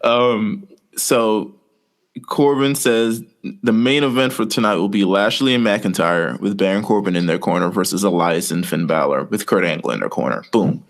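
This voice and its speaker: Low-voiced man rambling through wrestling booking. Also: normal speed. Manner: rambling, storytelling with quoted asides. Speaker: podcast co-host. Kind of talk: casual wrestling podcast chat.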